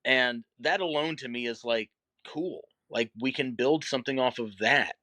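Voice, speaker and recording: A man's voice: mid-range voice, moderate pace, pushed and bright, dry recording. A middle-aged man, a wrestler guest, talking candidly and reflectively in a casual interview, with many fillers.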